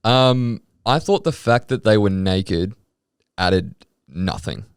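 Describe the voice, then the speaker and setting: A man's voice: lowish voice, slow, clean tone, dry recording. A young Australian man co-hosting a casual podcast, making dry sarcastic quips. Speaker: podcast co-host. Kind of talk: casual chat.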